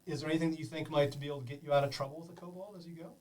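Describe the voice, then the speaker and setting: A man running a tabletop game for beginners as game master, animated, laughing and making sound effects. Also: on the high side, racing, recorded from a distance.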